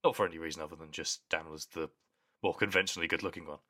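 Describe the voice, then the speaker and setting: A man's voice: very deep voice, fairly even intonation, rapid-fire, sharp tone, husky. A man co-hosting a podcast, talking in an earnest, thoughtful casual chat. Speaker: podcast co-host.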